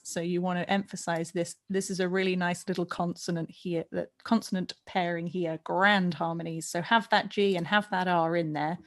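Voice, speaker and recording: Woman running an online barbershop singing workshop, mid pitch, encouraging, singing bits of the lines over a video call. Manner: warm, encouraging, sings and speaks example lines. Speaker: barbershop vocal coach.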